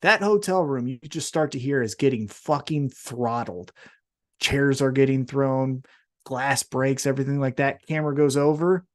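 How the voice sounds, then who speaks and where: A young man co-hosting a wrestling podcast, chatting casually with quick asides and swearing. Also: mid-range voice. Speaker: podcast co-host.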